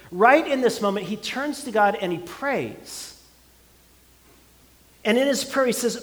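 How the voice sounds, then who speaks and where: A man's voice: sits high, expressive, a little slow, pauses often, fairly bright tone, big-room sound. A man preaching a sermon, building emphasis with repeated words and phrases. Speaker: pastor.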